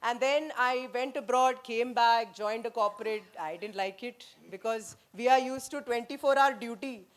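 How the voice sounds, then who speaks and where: Lively Indian woman telling army stories. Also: fairly high pitch, moderate pace, few pauses. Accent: Indian English. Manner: lively storyteller who acts out quotes and slips into Hindi; emphatic, punchy declarations. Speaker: former army officer speaking on a panel. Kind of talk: anecdotal speech at a leadership summit.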